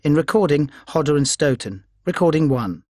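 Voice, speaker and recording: A man's voice: a little high, expressive, moderate pace, darkish tone, no echo, studio quality. A man giving a formal announcer's introduction to a recorded course.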